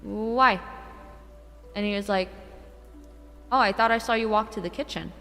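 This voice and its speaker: A young woman streamer telling a true ghost story in a casual, animated way, swearing and laughing between lines. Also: mid-range voice, measured pace, big-room sound, soft background music. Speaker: VTuber streamer.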